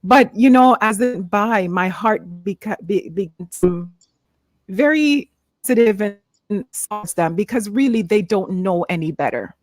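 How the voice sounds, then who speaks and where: A woman's voice: mid-range voice, expressive, measured pace, dry recording. A woman with a toned-down Jamaican accent hosting a faith-based panel discussion, earnest and conversational, laughing easily. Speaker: host.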